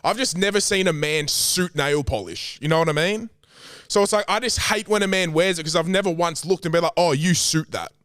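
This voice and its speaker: A man's voice: high voice, fairly quick, a bit bright, dry recording, studio quality. A young man with an Australian accent hosting a casual solo podcast, talking in a brash, profane, teasing way. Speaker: podcast host.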